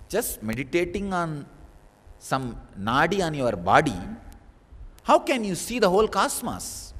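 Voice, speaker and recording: A man's voice: fairly high pitch, fairly bright tone. A man giving a spiritual discourse as a teacher, telling a story with sudden bursts of emphasis. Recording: long reverb of a large hall.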